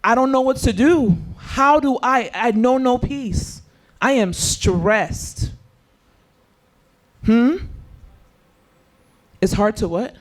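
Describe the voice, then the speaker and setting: High-voiced man leading youth Bible study. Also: slow pace, long pauses. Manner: questions the group and dramatizes scripture quotes. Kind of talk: interactive youth Bible lesson.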